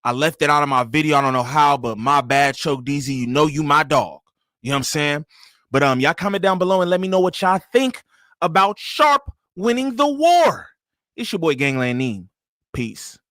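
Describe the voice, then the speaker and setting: A man hosting a reaction channel and riffing in loose, slangy commentary. He has a bright voice that sits fairly high for a man, and the sound is dry and close. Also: a little fast, dry recording. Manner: animated, joking, slangy. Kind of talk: casual commentary.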